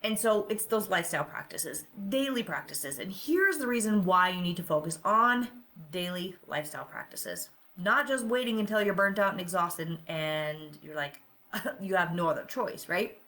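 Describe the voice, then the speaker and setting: A middle-aged woman podcast host and coach talks at a moderate pace, her fairly low voice animated and a bit bright. She shares things candidly and confessionally in a personal monologue, regularly checking in with "right?"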